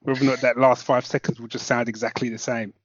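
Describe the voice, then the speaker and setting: A man's voice: medium pitch, little pitch movement, fast, no echo. Man co-host, easygoing and wry, tangents welcome, dull close recording. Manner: dry, laid-back, rambling. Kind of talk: casual chat.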